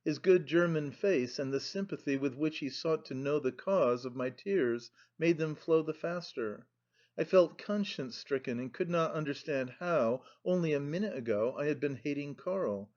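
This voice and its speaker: A man reads an audiobook aloud in a slow, measured way. His voice sits a little high for a man. The recording has a dull, lo-fi sound. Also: darkish tone. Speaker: audiobook narrator. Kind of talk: scripted audiobook narration.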